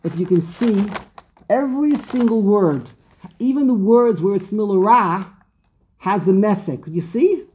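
Breathy man telling lively stories. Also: high-pitched, a little slow. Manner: animated storyteller, laughs often. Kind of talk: casual conversation. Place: video call.

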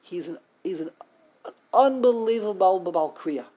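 Husky woman teaching a text class. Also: fairly low pitch, lively intonation, warm tone. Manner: explanatory, sounds out syllables slowly, frequent restarts. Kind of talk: classroom text study with pronunciation drills.

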